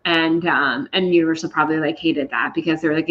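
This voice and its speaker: Chatty woman, bright lo-fi sound. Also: sits low, lively intonation. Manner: chatty storyteller, quick asides. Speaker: guest. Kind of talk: casual podcast chat. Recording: dull lo-fi remote audio.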